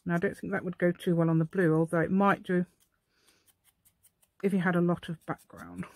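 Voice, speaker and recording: A middle-aged woman hosts a crafting channel, demonstrating a project while rambling and chatting to herself in a playful, put-on posh telephone voice. Her voice is on the low side, with a level tone and normal speed, recorded with no room sound.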